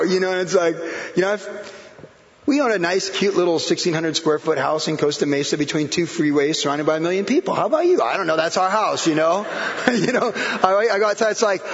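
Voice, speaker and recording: Casting note: middle-aged male pastor, a little high, gravelly voice, chatty sermon in a dull, echoey hall. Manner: conversational preaching with many fillers and repetitions. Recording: roomy hall echo, dull sound.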